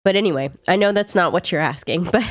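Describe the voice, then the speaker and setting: A young woman with a Southern accent from the US talks fast in a lowish voice, chatting with her live-stream viewers while sick. Her answers ramble and are full of "like" fillers, recorded at studio quality with no room sound.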